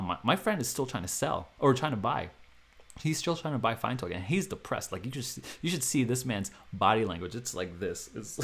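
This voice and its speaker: Excitable man telling a story. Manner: excitable, acts out quoted dialogue with big jumps in pitch and loudness; self-mocking, laughs often. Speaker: crypto video host. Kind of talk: animated storytelling vlog.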